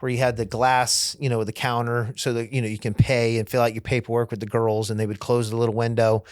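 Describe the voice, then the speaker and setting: A man's voice: medium pitch, flat delivery, quick pace, darkish tone, no room sound, clean studio sound. Profane man telling a wild story. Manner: profane, vivid storyteller acting out quoted dialogue. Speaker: podcast guest. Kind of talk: casual storytelling interview.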